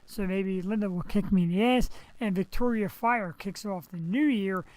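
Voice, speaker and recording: A man's voice: high voice, moderate pace, darkish tone, no echo, rough recording. A man hosting his live internet show from home on a headset mic. He rambles in a loose, chatty way, tossing in jokey asides. He's recovering from surgery. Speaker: host. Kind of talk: casual live web show chat. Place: home setup, streaming.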